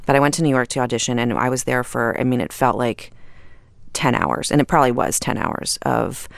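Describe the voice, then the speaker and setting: A middle-aged actress chatting as a radio interview guest, rambling with fillers and restarts and laughing often. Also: female voice, a bass voice, a little fast, gravelly, no room sound, clean studio sound. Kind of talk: casual interview conversation.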